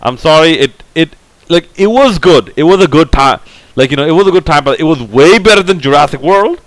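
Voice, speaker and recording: A man's voice: fairly high pitch, lively intonation, a little fast, no room sound, low-quality recording. A man giving a casual, opinionated movie review, rambling and full of fillers. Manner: rambling, heavy on fillers like "like, you know"; blunt, opinionated. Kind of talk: casual film review monologue.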